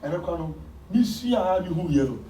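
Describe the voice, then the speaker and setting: A man with a Ghanaian accent preaching a sermon as pastor, with sudden loud emphasis. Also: high voice, animated, brisk, slight background noise. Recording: echoey church hall from far off.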